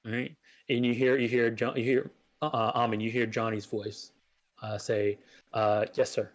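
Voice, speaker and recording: A man's voice: medium pitch, flat delivery, moderate pace, faint music behind. A man narrating a tabletop game as game master, rambling, with many filler sounds.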